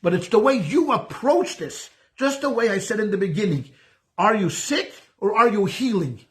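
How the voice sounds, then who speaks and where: A rabbi gives a class in an easy, conversational manner. His voice sits high for a man, and he likes to hammer points home by repeating words and throwing out rhetorical questions. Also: moderate pace. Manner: animated, repeats phrases for emphasis, asks rhetorical questions. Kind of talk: conversational lecture.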